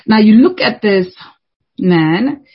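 A woman's voice: medium pitch, animated, slow pace, slightly rough, dull audio. A woman preaching a sermon in an earnest way, repeating phrases for emphasis.

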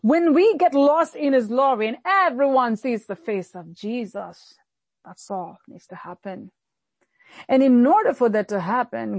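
A woman pastor preaching a sermon in an animated way, often acting out the voices of people she quotes. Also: fairly high pitch, husky, dry recording.

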